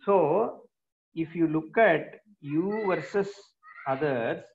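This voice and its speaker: A man's voice: fairly high pitch, animated, takes it slowly, vocal fry. A male teacher explaining a Sanskrit scripture line by line in plain English, often checking with his students. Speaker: Vedanta teacher. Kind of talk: scriptural commentary lecture. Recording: phone-like narrow sound.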